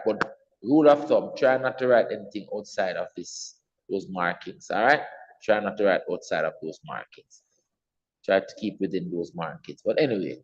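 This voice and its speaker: A man's voice: mid-range voice, darkish tone, highs cut off. Patient male math teacher, reverberant room. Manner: patient, repeats key points, checks in with "all right?". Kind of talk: exam revision lesson.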